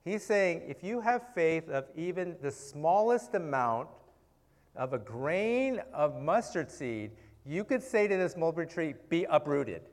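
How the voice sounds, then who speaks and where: A man's voice: on the high side, big pitch swings, unhurried. A man preaching in a casual, conversational Bible-teaching style, often checking in with "okay" and "right?" and asking rhetorical questions.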